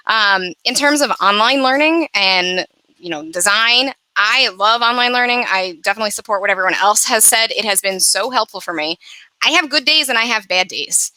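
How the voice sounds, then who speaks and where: A woman panelist speaking candidly in a relaxed, conversational way, sharing her own experience in an online discussion over a video call. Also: medium pitch, no room sound, poor audio. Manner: candid, conversational, with many fillers.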